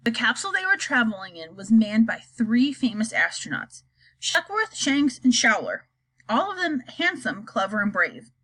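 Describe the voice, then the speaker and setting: A woman reading a children's book aloud in a lively, expressive way with occasional slips. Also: on the high side, normal speed, rough recording. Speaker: narrator. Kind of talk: storybook read-aloud.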